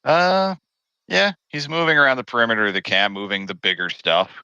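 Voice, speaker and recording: A man's voice: medium pitch, sing-song, fairly quick, bright, forceful tone, clean tone, no room sound, highs cut off. A man running a tabletop game as game master, narrating scenes and calling for rolls in an easygoing, joking way.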